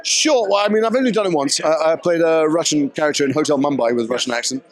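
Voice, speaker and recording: Fast-talking man, articulate and thoughtful. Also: a little high, no echo. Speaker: actor interviewed as guest. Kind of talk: red carpet interview answers. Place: red carpet premiere event.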